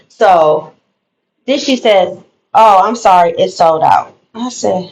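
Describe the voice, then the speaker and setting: A woman's voice: mid-range voice, takes it slowly, low-quality recording. Woman telling a story, emphatic, keeps repeating stuff, casual chat. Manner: animated, emphatic retelling with repeated phrases.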